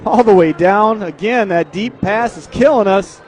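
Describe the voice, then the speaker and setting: A man's voice: sits high, normal speed, darkish tone. A young man doing play-by-play for a school game, with joking, teasing banter. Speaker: play-by-play announcer. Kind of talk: student broadcast commentary. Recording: gym crowd and noise behind.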